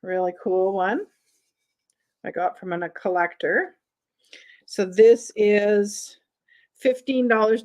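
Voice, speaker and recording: Middle-aged woman, live sale host, unhurried, reading out prices and lot numbers in a friendly, chatty way. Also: mid-range voice. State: has the hiccups. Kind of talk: live-streamed vintage sale chat.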